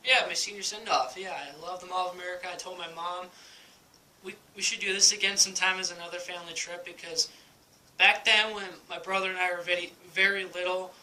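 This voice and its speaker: A man's voice: high-pitched, steady tone, brisk, pushed and bright, low-quality recording. A young man telling a casual vlog story at home, rambling with many ums and likes and laughing often. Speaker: vlogger. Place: at home, indoors.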